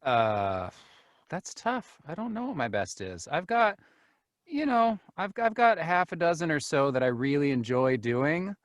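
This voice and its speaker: A man talking as a guest in a casual call, relaxed and thoughtful, pausing to find his words. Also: on the high side, no echo, studio quality. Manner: relaxed, thoughtful, hesitant fillers. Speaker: guest narrator. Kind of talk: casual video-call chat.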